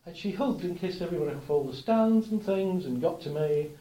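A man giving a relaxed, chatty talk to a live audience, telling anecdotes with gentle humour. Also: high-pitched, moderate pace, roomy sound, poor audio. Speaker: workshop speaker.

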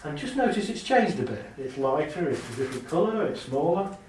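Male speaker on stage, lively storyteller with a slightly high voice, heard from off mic in a big echoing hall. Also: a little fast, distant mic, a little hiss or hum. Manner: lively, chatty, laughs often, acts out little scenes. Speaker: speaker giving a talk. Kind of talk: live talk to an audience. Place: large hall with an audience.

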